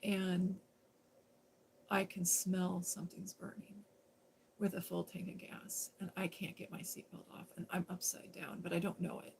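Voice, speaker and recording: Woman, creaky gravelly voice, casual storytelling, rambling, filler-heavy, live streamer. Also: lowish voice, flat delivery, moderate pace, few pauses, noisy background. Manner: rambling, conversational, many fillers and restarts.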